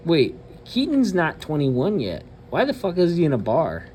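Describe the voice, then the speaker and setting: A man's voice: on the high side, sing-song, moderate pace, few pauses, darkish tone, a little hiss or hum. A man hosting his channel, ranting bluntly and cursing often, with hesitant fillers between remarks. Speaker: channel host. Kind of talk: profane ranting commentary.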